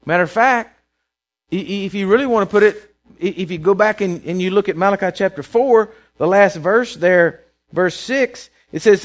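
A man preaching a sermon in a conversational way, checking in with his listeners and dropping to a soft, quiet voice for prayers. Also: high voice, moderate pace. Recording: dull lo-fi recording.

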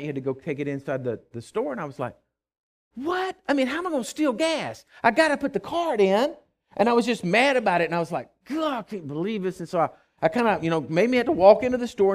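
A male pastor preaching a sermon, telling stories with emphasis, swinging from loud declarations to quiet asides and often restarting his words. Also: on the high side. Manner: frequent stammered restarts.

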